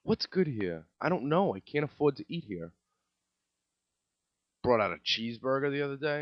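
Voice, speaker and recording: A man's voice: mid-range voice, big pitch swings, normal speed, long pauses, no echo. A man in his thirties, a podcast host telling comedic stories in a profane, exasperated rant. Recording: dull lo-fi, dry.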